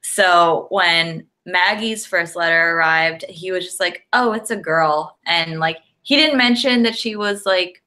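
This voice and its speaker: A woman's voice: fairly low pitch, unhurried, few pauses, bright, forceful tone. A woman co-hosting a podcast, chatting casually with frequent laughs and "like" fillers. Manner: giggly, lots of "like" fillers. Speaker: podcast co-host. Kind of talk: casual chat.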